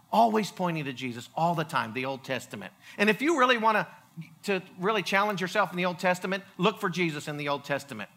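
A male preacher giving a humorous storytelling sermon, animated and joking, often stumbling and restarting his sentences. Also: high voice.

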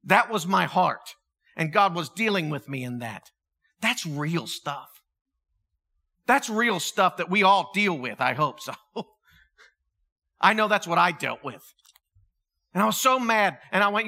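Bright, high-voiced man preaching. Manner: conversational, animated storytelling with laughs. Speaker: pastor. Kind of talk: sermon. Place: church.

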